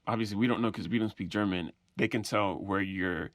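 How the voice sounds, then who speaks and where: Male podcast co-host, very low voice, relaxed rambling chat, dry sound. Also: a little fast, no room sound. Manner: relaxed, rambling, gropes for words. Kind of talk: casual movie chat.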